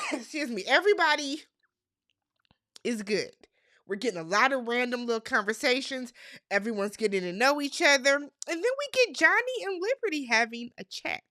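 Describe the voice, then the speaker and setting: A young woman from the States talks through a reality TV episode in a loose, chatty way, full of slang and quick impressions of the cast. Her voice sits a little high and sounds bright and forward. The sound is close and dry, with no room around it. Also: dry recording. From United States. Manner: chatty, animated, slangy, mimics cast members' lines. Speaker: recap vlogger. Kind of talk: casual TV recap commentary.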